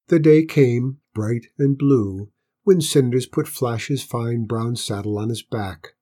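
A man gently reading a children's storybook aloud as narrator, slow and unhurried. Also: mid-range voice, breathy edge.

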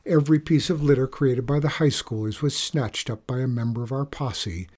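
A man's voice: mid-range voice, normal speed, darkish tone. A man giving wry first-person audiobook narration.

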